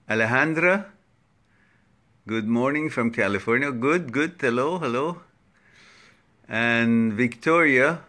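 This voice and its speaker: A man hosting a live online Q&A talk, greeting viewers one by one by name and stumbling over names in a casual, unhurried way. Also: mid-range voice, pushed and bright. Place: home setup for a social media live stream.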